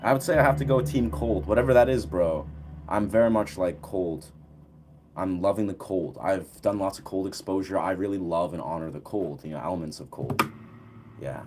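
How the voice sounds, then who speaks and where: Faint music plays behind a young livestream host whose voice is deep and darkish, at a moderate pace. He answers his viewers in relaxed, wandering chat full of fillers.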